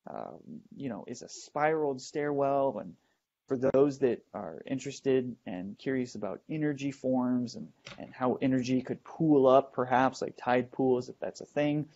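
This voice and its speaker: A man hosting a show, telling a first-person ghost story in a halting way, with many fillers and restarts as he builds suspense, in a dull lo-fi recording. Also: medium pitch, darkish tone. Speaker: host.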